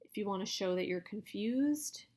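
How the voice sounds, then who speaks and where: A woman instructor explaining public speaking delivery in a recorded video lecture, in a steady teaching tone with some hedging. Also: medium pitch, normal speed. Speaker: college instructor.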